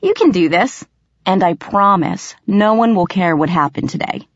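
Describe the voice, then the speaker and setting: A calm, protective teenage boy, reassuring and low-key, as a woman reads him. The voice lifts a little higher than her narration. It is recorded dry and slightly dull. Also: normal speed, no echo, close to an everyday voice.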